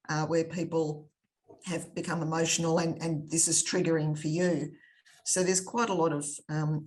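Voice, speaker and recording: An Australian woman speaking as a panelist in a webinar, thoughtful and measured, with frequent fillers. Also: low-pitched. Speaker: panelist on conflict resolution. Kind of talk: webinar discussion.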